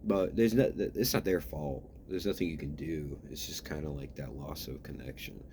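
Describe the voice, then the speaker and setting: A man's voice: rumbling low, moderate pace, dark tone, a little hiss or hum. A man talking in a casual vlog, rambling and ranting with a lot of swearing. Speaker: vlogger.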